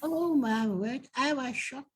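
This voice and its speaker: Against a noisy background, a union leader for domestic workers, an older woman with a South African accent, takes her time recounting her past. Her voice is high-pitched, and as an interview guest she comes across as earnest, nostalgic, and animated.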